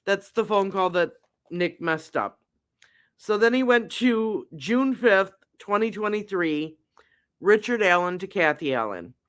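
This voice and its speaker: A man hosting a true crime show, reading his trial notes aloud in a slow, deliberate, halting way. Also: high-pitched, animated, a bit bright, smooth.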